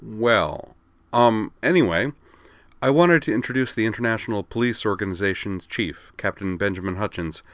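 A man's voice: fairly low pitch, expressive, normal speed, no echo, voice pushed up, natural voice. A man doing an eager, flustered young officer.

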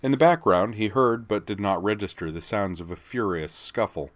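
In a lowish voice, a male narrator reads an audiobook in a steady, measured storytelling style, captured in a dry recording.

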